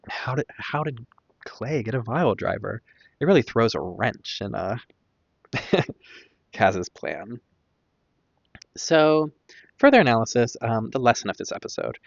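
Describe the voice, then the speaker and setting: A man's voice: mid-range voice, gravelly, no room sound, highs cut off. A man hosting a casual podcast, rambling and opinionated with lots of fillers and tangents. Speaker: podcast host. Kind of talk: casual stream-of-consciousness commentary.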